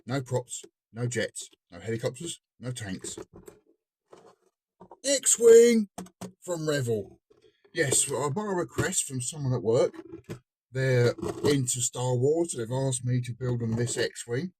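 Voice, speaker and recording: A man's voice: medium pitch, moderate pace, a little mellow, husky, no echo. A man casually narrating his scale model build, chatty and often breaking into giggles. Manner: giggly, keeps breaking into laughter. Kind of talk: casual hobby video narration.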